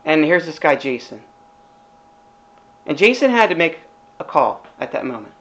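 A man's voice: fairly high pitch, sing-song, moderate pace, fairly bright tone, muffled recording. Middle-aged male pastor, casual sermon delivery, rhetorical asides. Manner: conversational preaching with rhetorical questions.

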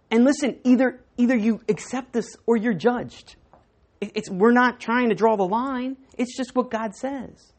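An older woman pastor delivers a sermon in a loose, conversational manner. She keeps it lively and informal as she preaches. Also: on the high side. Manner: lively and conversational, acting out quotes and laughing.

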